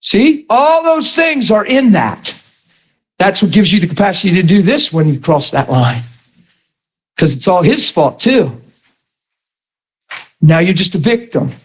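A male pastor preaching a sermon, animated and emphatic, breaking into shouts, in a dull lo-fi recording. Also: high-pitched, measured pace, pauses often, breathy edge.

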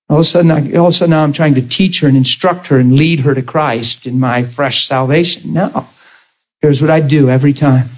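A man preaching a sermon, telling a personal story with passion and a voice that swings high and low. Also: fairly even intonation, a little fast, lo-fi sound.

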